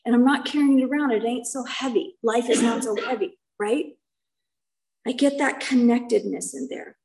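A middle-aged woman sharing her own story as a recovery meeting speaker. Her voice sits a little high, and her delivery is earnest and conversational, often checking in with a quick "right?". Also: rough recording. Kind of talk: personal testimony.

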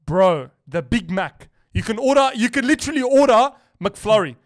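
A young man hosting a podcast, chatting casually and telling stories in an excited, animated way full of slang. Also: sits high, moderate pace, dry recording, studio quality. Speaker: podcast host. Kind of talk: casual chat.

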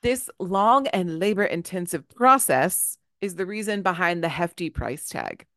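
A woman's voice: on the low side, animated, unhurried, fairly bright tone, no room sound, clean studio sound. A woman co-hosting a casual podcast, reading her notes aloud, stumbling over hard words and laughing at herself. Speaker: podcast co-host presenting research.

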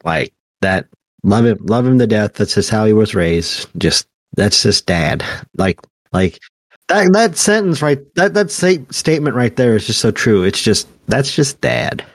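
Young man, low voice, dry sound, casual podcast chat, rambling, laughs often. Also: lively intonation, a little slow, dry recording. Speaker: podcast co-host.

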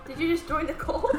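A woman co-hosting a podcast in a casual group chat, giggly and excitable, teasing her friends. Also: high voice. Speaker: podcast co-host.

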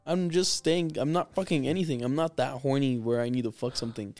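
A man's voice: mid-range voice, fairly even intonation, brisk, a little mellow, no room sound. Brief: young male podcast co-host, crude and easygoing, mid-range voice, faint music underneath. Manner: laid-back, crude, laughs often. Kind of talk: casual podcast chat.

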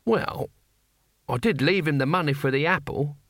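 A man voicing an ancient male barbarian hero who speaks slowly, haltingly and testily in an audiobook. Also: fairly high pitch, fairly bright tone, no echo, clean studio sound. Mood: blunt. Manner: halting, slow and testy.

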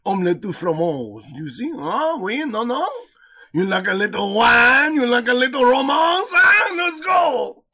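A man's voice: very high voice, very animated, unhurried, pushed and bright, raised voice, pitched above the performer's own voice, full character voice. A man voicing a stereotyped, flirty Frenchman with an exaggerated mock French accent, theatrical and playful. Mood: flirty, hammy.

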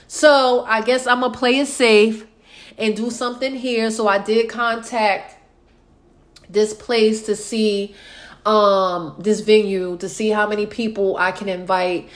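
A woman's voice: medium pitch, unhurried. Casting: woman, late 30s, vlogger, chatty and tender-hearted, sighs a lot. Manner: emotional, sighing, chatty. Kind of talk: casual chat to followers.

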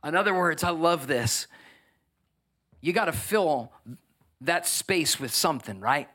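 A man preaching a sermon, building to emphatic, energetic exhortation. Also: on the high side, a little slow. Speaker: pastor.

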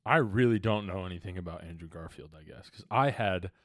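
A man's voice: deep voice, fairly quick, no echo, studio quality. A young man chatting casually as a podcast co-host, rambling and swearing often. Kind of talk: casual chat.

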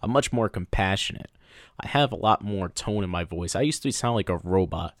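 Animated low-voiced man sharing a story. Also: fairly quick, no room sound, clean studio sound. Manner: animated storyteller who slips into playful voices. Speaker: podcast co-host. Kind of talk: casual chat.

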